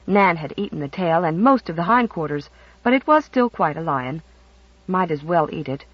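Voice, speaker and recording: Narrator for a storybook: expressive scripted reading, mid pitch, dry muffled audio. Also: normal speed, no room sound.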